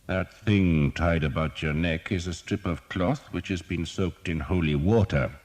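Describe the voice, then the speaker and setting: A man voicing a cheerful, sardonic old male doctor who teases slowly and deliberately. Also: sits low, a little mellow. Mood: wry. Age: older. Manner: wry, teasing, slow and deliberate.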